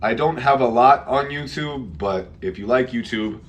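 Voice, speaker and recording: A man's voice: mid-range voice, moderate pace. A man teaching English pronunciation, who patiently repeats words and switches to Spanish for his learners.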